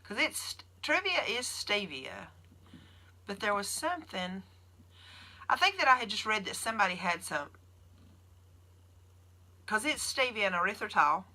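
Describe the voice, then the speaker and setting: Bright-voiced Southern woman chatting. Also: mid-range voice, animated, a little slow, pauses often. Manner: chatty, rambling, answers viewer comments. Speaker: keto nurse vlogger. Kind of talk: casual livestream Q&A.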